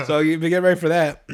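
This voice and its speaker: A young man hosting a podcast, casually retelling a cartoon episode with lots of swearing and laughter, jumping into raised voices for the characters' lines. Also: fairly high pitch. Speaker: podcast host. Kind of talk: casual podcast recap, profane.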